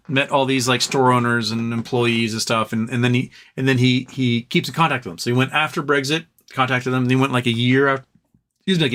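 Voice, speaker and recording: A man's voice: mid-range voice, a bit bright. Exasperated rambling man. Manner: rambling, exasperated, mimics people in quotes. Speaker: livestream host. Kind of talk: casual livestream chat.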